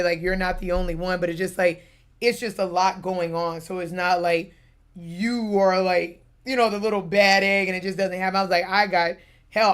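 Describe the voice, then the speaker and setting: A young woman streaming live, telling a long rambling story in casual chat, full of fillers and lively asides. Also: mid-range voice.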